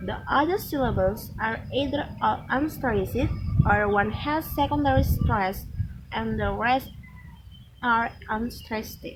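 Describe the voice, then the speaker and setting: A woman reading a pronunciation lesson aloud from a textbook, slow and careful, with restarts and small slips. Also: on the high side, background noise. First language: Malay.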